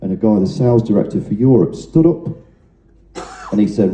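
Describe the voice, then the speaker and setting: A man's voice: on the low side, normal speed, dark tone. Chatty man lecturing in a roomy hall. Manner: chatty, anecdotal, direct to the audience. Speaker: presenter giving a talk. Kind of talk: informal training talk. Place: room with an audience. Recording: roomy, dull lo-fi sound.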